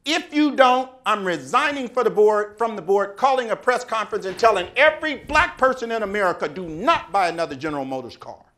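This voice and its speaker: Man voicing a commanding older leader; forceful, measured, high and lively. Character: stern older male civil rights leader, commanding.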